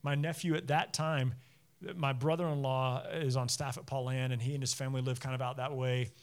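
A man in his thirties or forties, a pastor giving a sermon through chatty personal stories with frequent laughs. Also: medium pitch. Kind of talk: conversational sermon storytelling. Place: church service.

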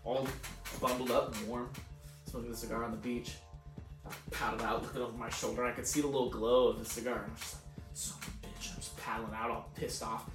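A man's voice: medium pitch, little pitch movement, quick pace. A young adult man, a podcast co-host, telling a casual story, laughing often, swearing and acting out his own lines. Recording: echoey room, far from mic, faint music.

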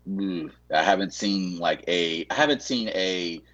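A man's voice: sits low, measured pace, fairly bright tone. A man from Saint Louis, a guest in a casual chat, rambling with dry humor and frequent restarts.

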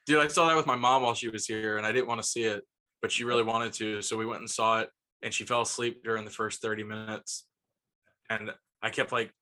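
Male podcast co-host with a bright, forward voice, easygoing and slangy. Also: lowish voice. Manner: laid-back, says dude a lot. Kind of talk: casual movie review chat.

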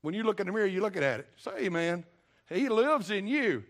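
A man's voice: sits high, sing-song, a little fast, gravelly, a bit bright. An older man preaching a sermon as pastor, with a folksy, emphatic delivery that keeps calling on the congregation to respond. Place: church sanctuary.

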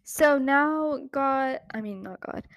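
Woman podcaster chatting about scripture, laughs a lot, says like constantly, kinda high voice. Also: slow, no echo, studio quality. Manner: chatty, giggly, lots of "like" fillers. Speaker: podcast host. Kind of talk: casual Bible talk.

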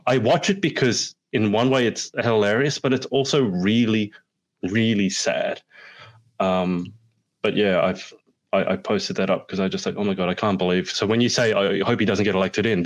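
Lower-voiced guy hosting a chat, gets animated telling stories. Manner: animated storyteller, rising pitch when acting out quotes. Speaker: podcast host. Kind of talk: casual chat, reading viewer comments.

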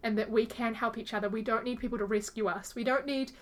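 A woman's voice: a little high, fast. A woman co-hosting a casual podcast chat, telling stories animatedly and acting out the people she quotes. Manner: animated storytelling, acts out quoted voices. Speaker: podcast co-host.

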